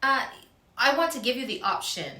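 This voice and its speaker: A woman's voice: high-pitched, big pitch swings, moderate pace, sharp tone, reverberant, soft background music. A woman co-hosting a casual chat, explaining earnestly with everyday examples. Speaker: co-host.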